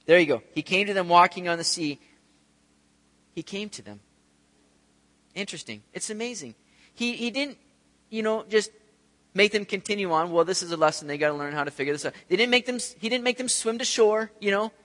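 A man preaching a sermon, telling the story with animated, acted-out scenes. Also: high-pitched, brisk, pauses often, big-room sound. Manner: animated storytelling, acts out voices of disciples. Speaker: pastor.

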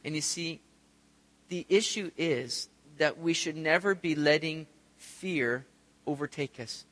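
A man preaching a sermon, telling the story with animated, acted-out scenes. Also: on the high side, takes it slowly, big-room sound. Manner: animated storytelling, acts out voices of disciples. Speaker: pastor.

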